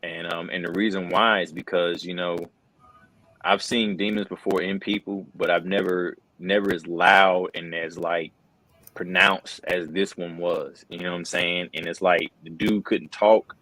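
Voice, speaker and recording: Middle-aged male interview guest, very deep voice, earnest and casual, lots of "bro". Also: steady tone, a little slow, sharp tone, dry recording, poor audio. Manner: earnest, says "bro" and "man" a lot, many restarts. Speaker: wrestling commentator, interview guest. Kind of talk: casual conversational storytelling.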